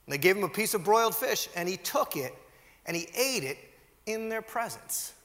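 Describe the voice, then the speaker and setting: A male pastor preaching a sermon, telling stories and acting out quoted lines with lively energy. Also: high-pitched, fairly quick. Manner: animated storytelling, acts out quotes. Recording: long hall reverb.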